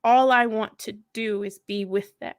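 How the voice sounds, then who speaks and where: A woman's voice: mid-range voice, steady tone, moderate pace, clear, resonant tone, no echo, studio quality. A woman in her thirties, a veteran and mother, telling candid stories at a mental health event in a blunt, profane way, often laughing. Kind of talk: candid storytelling.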